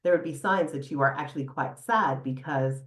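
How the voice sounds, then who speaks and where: A middle-aged woman psychotherapist talking casually as a podcast guest, animated, laughing now and then as she explains. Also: low voice, moderate pace. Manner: animated, laughs often, guides listener through exercise. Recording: echoey room.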